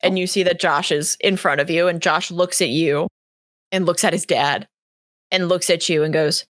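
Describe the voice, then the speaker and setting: A woman narrating a tabletop role-play game as game master, in a casual way with fillers, putting on quick voices for the characters. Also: fairly low pitch, steady tone, fairly bright tone, no room sound, studio quality.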